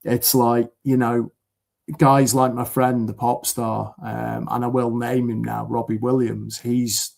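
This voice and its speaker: A man's voice: mid-range voice, flat delivery, slow pace, gravelly, a little mellow. A man from the UK, a podcast guest, talking in an earnest, rambling way with many fillers over a video call. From United Kingdom. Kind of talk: casual chat.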